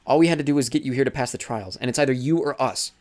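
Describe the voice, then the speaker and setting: A man reading an audiobook who voices a calm, scheming teenage girl, speaking evenly and coolly. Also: mid-range voice, fast, voice pushed up, natural voice. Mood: coolly apologetic. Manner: calm, cool and condescending.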